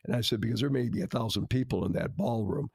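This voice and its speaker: A man's voice: medium pitch, fast talker, creaky, a little mellow, husky, dry recording, studio quality. A man, a marriage counselor and podcast host, earnestly retelling a counseling session with dramatic quoted dialogue. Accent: American. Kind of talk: storytelling to co-host.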